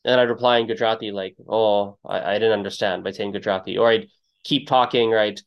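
A man hosting a podcast interview in a relaxed conversational way, telling stories and acting out what people said with sudden jumps in his voice. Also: brisk, vocal fry, dull audio. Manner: storytelling, acts out quotes with big pitch jumps. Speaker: podcast host.

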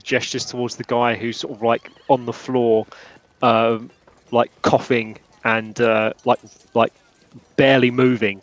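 A man narrating as game master, halting and rambling with many restarts. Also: medium pitch, no room sound, muffled recording.

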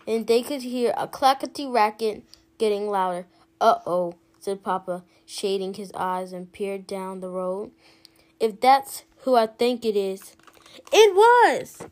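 Lady reading a kids' storybook real slow, kinda high voice, lots of expression. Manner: slow, expressive read-aloud, lifting her voice for characters. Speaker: storybook reader. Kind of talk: reading a children's picture book aloud.

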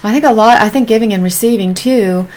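A woman's voice: fairly high pitch, quick pace, darkish tone, rough recording. A woman co-hosting a sermon program, chatting in a conversational, affirming way and often agreeing with her partner. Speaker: co-host. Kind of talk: sermon discussion.

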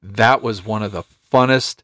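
A man's voice: lowish voice, moderate pace, a bit bright, dry recording, studio quality. A man co-hosting a podcast with his brother, telling family stories in a rambling, casual way and chuckling often. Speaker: podcast co-host. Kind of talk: casual chat.

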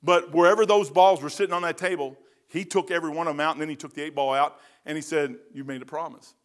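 Man, older, pastor, folksy rambling sermon, loud then hushed, high, ringing tone. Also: steady tone, quick pace. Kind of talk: storytelling sermon.

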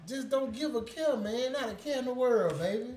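A man's voice: very high voice, normal speed, darkish tone. A young man in casual chat, laid-back, drawing out his remarks. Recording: echoey room with crowd behind.

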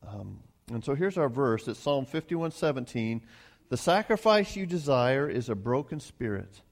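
A man preaching a sermon, warm and folksy in manner. He often stumbles and repeats his words as he restarts a thought, with plenty of casual asides. His pitch sits in an ordinary middle range. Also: very animated, moderate pace. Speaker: pastor.

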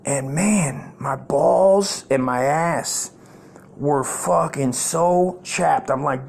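Middle-aged man, crude rambling storyteller, slightly high voice. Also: drawn-out words, creaky, slightly rough. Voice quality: rambling, profane, animated. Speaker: comedic storyteller. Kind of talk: profane comedic storytelling.

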